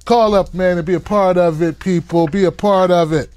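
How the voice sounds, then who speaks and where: A man hosting a live-stream call-in show, talking in a hyped, playful way and hollering shout-outs to viewers. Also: sits high, fairly even intonation, moderate pace.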